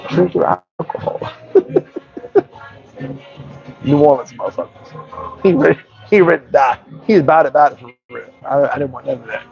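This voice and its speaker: A man telling a story in a casual, animated, slangy way and often restarting his sentences. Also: medium pitch, quick pace, creaky, dull audio, soft background music. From New York. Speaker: vlogger.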